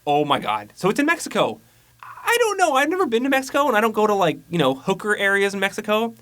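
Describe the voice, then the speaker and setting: A man's voice: high voice, wildly swooping pitch, fast, fairly bright tone. A man casually recapping a horror movie on a podcast, rambling and profane, mocking the plot and mimicking lines. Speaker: podcast co-host.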